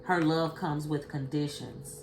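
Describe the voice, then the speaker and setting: A woman's voice: low voice, steady tone, a little slow. A woman giving a casual spiritual card reading to her viewers, blunt and profane, speaking straight to them. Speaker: tarot card reader. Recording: echoey room with faint noise.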